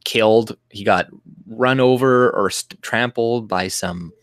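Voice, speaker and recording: A man with a fairly low voice rants casually on his home livestream, rambling, swearing and often breaking off to restart his sentences. The sound is close and dry, with little room around it. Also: slow pace, fairly bright tone, no echo. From Canada. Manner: rambling, profane, with frequent restarts and mocking mimicry. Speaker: livestream host. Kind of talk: casual political livestream rant.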